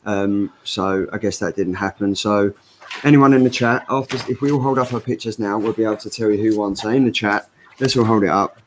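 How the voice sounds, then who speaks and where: A man's voice: lowish voice, brisk, a little hiss or hum. A man hosting a casual live stream, keeping the group on schedule and calling out names. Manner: keeps the group on schedule, repeats names to call in guests. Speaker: stream host.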